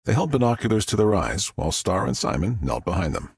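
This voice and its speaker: Brief: male narrator, low husky voice, expressive pitch, dry booth sound. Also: fast, no room sound. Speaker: audiobook narrator. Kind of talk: scripted narration.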